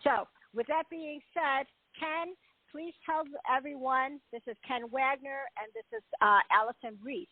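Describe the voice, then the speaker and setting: An effusive, upbeat woman hosts a casual group call and often repeats herself. Her voice sits a little high. She comes through a tinny phone line with a dry sound. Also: unhurried, dry recording. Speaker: host.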